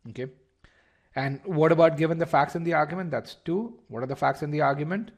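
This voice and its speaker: A man's voice: a little high, quick pace, highs cut off. A man teaching a live online test-prep lesson, explaining step by step, often repeating words and asking the class to check they follow.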